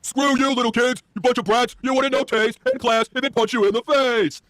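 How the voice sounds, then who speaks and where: A man playing an arrogant, boastful male wrestling manager who talks slowly and self-importantly. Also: extremely high pitch, fairly even intonation, fairly bright tone, no room sound, rough recording. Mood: pompous. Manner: pompous, slow and self-important.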